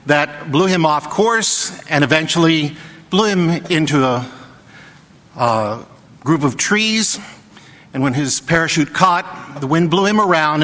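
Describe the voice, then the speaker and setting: A man's voice: fairly high pitch, a bit bright. A man, a parish priest, giving a Sunday homily built around anecdotes and a joke. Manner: storytelling homily with acted quotes. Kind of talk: sermon. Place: church. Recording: long church reverb.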